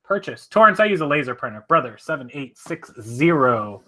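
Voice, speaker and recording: A man chats on a live stream from his home office, rambling loosely and correcting himself as he reads out comments. His voice is bright and forceful, sitting slightly above the usual male pitch. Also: big pitch swings, brisk. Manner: rambling, chatty, self-correcting. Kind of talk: casual live-stream chat, reading viewer comments.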